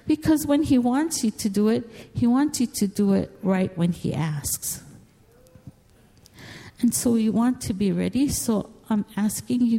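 Woman, church testimony, slow and earnest, gravelly, reverberant hall. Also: medium pitch, mellow. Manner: earnest, emotional, repetitive phrasing. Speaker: church guest speaker giving testimony. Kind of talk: heartfelt spoken testimony. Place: church sanctuary. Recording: long reverb of a large hall.

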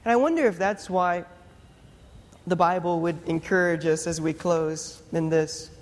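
A young adult man, a pastor, preaching a sermon in a conversational, animated storytelling manner. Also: fairly high pitch, unhurried. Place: church sanctuary. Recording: long hall reverb, faint music.

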